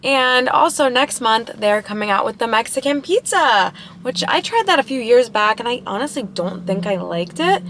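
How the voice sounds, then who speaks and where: A woman's voice: on the high side, lively intonation, normal speed, few pauses, fairly bright tone, slight background noise. A bubbly, talkative woman of about twenty, vlogging casually from her car at a drive-thru. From Ohio, USA. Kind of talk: casual chatty vlog. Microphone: camera in the car.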